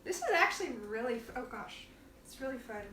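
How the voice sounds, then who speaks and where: A woman hosting a cooking show gives a relaxed live demonstration in her home kitchen, chatting playfully and laughing as she works at a fairly quick pace. Her slightly high voice comes from some distance off the mic. The room sounds echoey, with a faint hum of ambience behind her.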